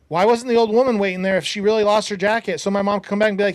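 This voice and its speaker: A man's voice: high-pitched, fairly even intonation, rapid-fire, few pauses, clear, resonant tone, dry recording. A man hosting a podcast, telling a personal story in a casual, emphatic way, with preachy asides to his listeners. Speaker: podcast host.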